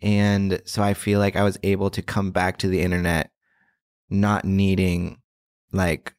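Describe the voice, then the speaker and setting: A man's voice: sits low, little pitch movement, measured pace, a little mellow, no echo, clean studio sound. A young man in his twenties chatting casually as a podcast guest, rambling with lots of likes and restarts.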